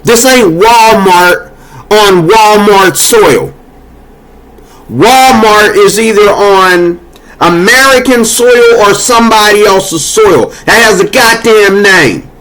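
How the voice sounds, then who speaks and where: A man with a notably high-pitched voice launches into an angry political rant. He scolds and curses freely, his tone heated and confrontational throughout. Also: takes it slowly, a crowd in the background. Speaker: political commentator. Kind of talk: angry monologue.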